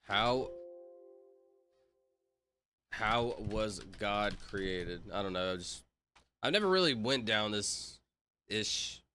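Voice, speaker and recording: Bright-voiced young man chatting casually. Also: on the low side, animated, slow, long pauses, soft background music. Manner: rambling, filler-heavy, says "like" and "bro" a lot. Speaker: streamer. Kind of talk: casual livestream chat.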